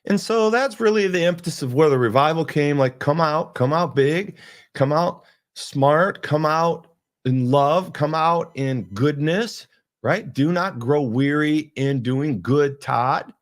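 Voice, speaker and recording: A man's voice: fairly high pitch, measured pace. A man hosting a podcast, talking earnestly and rambling through a faith monologue with frequent restarts. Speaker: podcast host.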